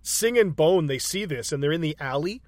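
A man's voice: on the high side, lively intonation, normal speed, darkish tone. A man in casual chat, retelling a film's scenes with swearing and frequent laughter. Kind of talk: casual movie recap chat.

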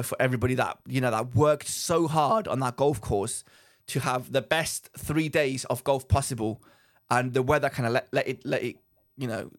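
A man, co-hosting a casual podcast, rambling through a story, acting out what people said and laughing often. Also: mid-range voice. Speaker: podcast co-host. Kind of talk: casual chat.

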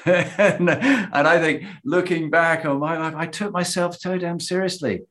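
A man hosting an interview, telling anecdotes in an animated, self-deprecating way. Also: on the high side, a little slow. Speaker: host. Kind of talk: conversational interview.

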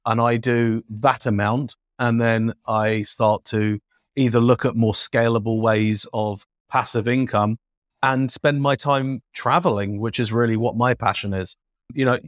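A man, an energetic, talkative guest on an interview show. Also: no room sound, clean studio sound. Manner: energetic, talkative, jumps up in pitch. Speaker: guest, travel points expert. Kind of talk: lively interview talk.

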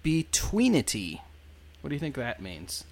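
A man's voice: medium pitch, animated, moderate pace, fairly bright tone, slight background noise. A man hosting a podcast, quizzing his co-host on old words in a casual, amused chat. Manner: amused, quizzing, laughs easily.

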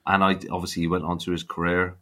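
A man's voice: low-pitched, completely flat delivery, quick pace, a bit bright. A man in his fifties with a Bristolian accent, a blunt, chatty interview guest who laughs and swears easily. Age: 50s. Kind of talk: casual interview chat.

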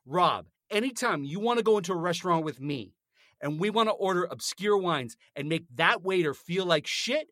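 This podcast co-host from North America has a high, bright voice with lively intonation and a moderate pace. He rants casually and indignantly through a story, cursing freely. The sound is clean studio quality without any room sound.

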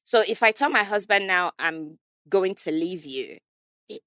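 A woman with a lower voice talks as a podcast guest, telling stories with animation and breaking into laughter. Her voice is recorded close up with a dry sound. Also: measured pace, no room sound. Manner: animated storyteller, acts out quotes, laughs often. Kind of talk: casual podcast chat.

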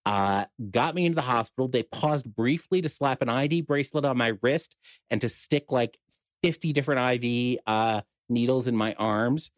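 A man's voice: mid-range voice, dry recording, clean studio sound. A middle-aged man with a New York accent, a podcast guest telling a personal story in casual conversation, with wry humor and frequent restarts.

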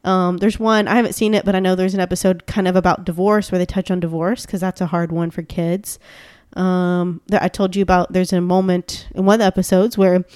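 A woman's voice: on the low side, little pitch movement, fairly quick, darkish tone, clean tone, no echo, clean studio sound. A woman co-hosting a casual chat show, gushing and chatty with lots of fillers and restarts.

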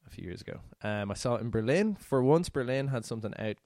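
A man's voice: mid-range voice, animated, quick pace, darkish tone, no room sound, low-quality recording. A man, co-hosting a casual film review podcast and rambling through his thoughts with lots of fillers. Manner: rambling, full of "like" fillers, laughs often.

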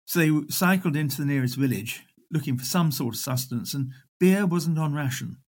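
Older man, historian guest, husky voice, lively storyteller. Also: on the high side, fairly quick. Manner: animated raconteur, acts out voices. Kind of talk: storytelling interview.

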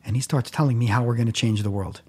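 A man who is a podcast guest, telling stories in an animated way with lively quoted dialogue. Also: mid-range voice, fast talker, slightly rough. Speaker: podcast guest, nonprofit founder. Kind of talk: animated storytelling in conversation.

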